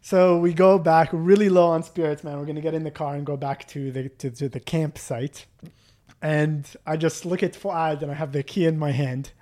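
Man, casual storyteller, slightly high voice, animated, acts out quotes, swears. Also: moderate pace. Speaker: storyteller guest.

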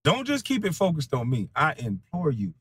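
A man in a heated, profane monologue, defiant and mocking, laughing scornfully and swinging between low mutters and loud taunts. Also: huge pitch swings, moderate pace, husky. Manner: casual slang-heavy speech.

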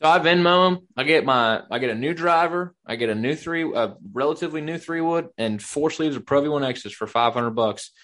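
A man's voice: fairly high pitch, fairly quick, few pauses, fairly bright tone. A man telling a long, rambling story in casual podcast chat, acting out what people said. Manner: rambling storyteller, acts out quotes.

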